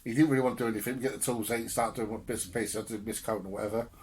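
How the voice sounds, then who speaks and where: A man's voice: lowish voice, steady tone, very fast, darkish tone, a little hiss or hum. A young man on a podcast telling family stories with laughter and swearing in casual chat. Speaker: podcast co-host.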